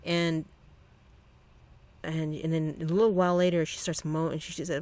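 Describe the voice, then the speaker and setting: A channel host telling a personal story in a rambling, halting way, often restarting sentences. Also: medium pitch, fairly even intonation, darkish tone.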